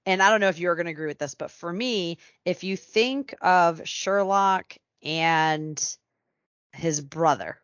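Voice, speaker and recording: A woman chatting casually as a podcast co-host, laughing often and slipping into quick character asides. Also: on the low side, a bit bright, no echo, muffled recording. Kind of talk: casual fan chat.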